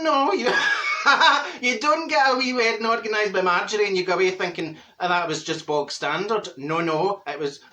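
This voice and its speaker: Brief: a man playing a Glaswegian busybody woman, gossipy and vain, high voice with a sharp, bright edge. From Glasgow, Scotland. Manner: gossipy, cackling, full of wee asides. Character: chatty gossiping middle-aged Glasgow woman, vain. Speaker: comedy character monologue. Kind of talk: comic character monologue.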